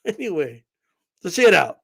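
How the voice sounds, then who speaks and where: Brash, high-pitched man ranting. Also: very animated, moderate pace, gravelly, fairly bright tone, slightly rough. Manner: brash, profane, mocks commenters in put-on voices. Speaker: boxing channel host. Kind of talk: animated livestream rant.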